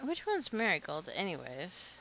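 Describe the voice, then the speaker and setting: A woman's voice: on the low side, wildly swooping pitch, moderate pace, fairly bright tone, slight background noise. A woman giving casual commentary while playing a video game, muttering to herself and poking fun at herself for getting lost. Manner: self-deprecating, muttering to herself, nervous laughter. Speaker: gaming streamer.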